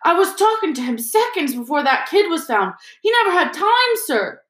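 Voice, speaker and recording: A woman voicing a big, rough gamekeeper man who rants urgently. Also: extremely high pitch, sing-song, normal speed, a bit bright, reverberant, pitched above the performer's own voice, exaggerated voice. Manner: urgent, ranting.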